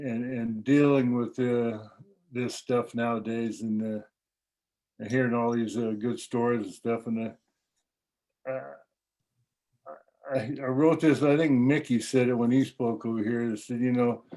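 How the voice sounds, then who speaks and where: An older man giving a hesitant, halting personal share at a recovery meeting, with many fillers. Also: medium pitch, warm tone, low-quality recording. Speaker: meeting member.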